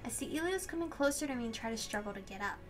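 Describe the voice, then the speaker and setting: A woman reading a visual novel aloud and reacting in an excitable, gushing way, swearing and laughing at the story. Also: fairly high pitch, racing, music in the background. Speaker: let's play host.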